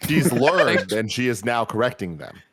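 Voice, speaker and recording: A man on a podcast panel chatting casually about a film, adding measured, explanatory asides. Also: mid-range voice, expressive, fairly bright tone, husky.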